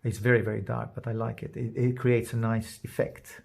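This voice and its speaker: Guy with a low gravelly husky voice talking thru a drawing demo, mutters to himself as he shades. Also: flat delivery, brisk, darkish tone. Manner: thinks aloud while drawing, trailing into murmurs. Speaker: art teacher. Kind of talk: drawing demonstration.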